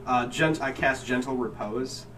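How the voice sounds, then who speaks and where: A man's voice: mid-range voice, unhurried. A man playing in a tabletop game, casually stating his character's actions. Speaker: player. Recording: distant mic, loud background noise.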